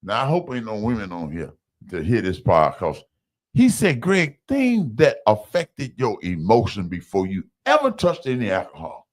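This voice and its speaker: A man with a lowish voice relates his personal recovery journey at a moderate pace, keeping it loose and conversational. Calling everyone y'all, he animatedly imitates the voices of people he quotes.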